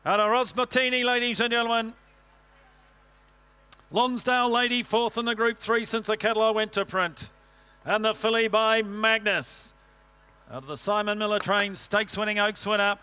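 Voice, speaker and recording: A man's voice: sits high, steady tone, normal speed, bright, forceful tone, smooth. A man working as an auctioneer, rattling off rhythmic rolling bid calls and tossing joking asides to the bidders in a sale ring. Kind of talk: rapid auction chant.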